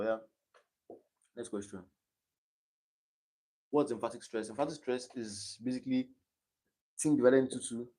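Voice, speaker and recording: A young man in his late teens with a Nigerian accent, casually talking through exam questions on a livestream, reading the options aloud and thinking out loud. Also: medium pitch. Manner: thinks aloud, reading quiz options aloud and chatting between them. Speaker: exam candidate streaming his study session.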